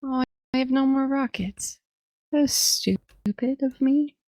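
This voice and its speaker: A woman's voice: high-pitched, a little slow, a little mellow, no room sound, clean studio sound. A woman joining friends on voice chat, teasing them and giggling. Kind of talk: casual chat.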